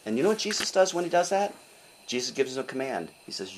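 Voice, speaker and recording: An older man preaching a sermon in an animated, conversational way, often asking his listeners questions. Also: medium pitch, fast, slight background noise, poor audio.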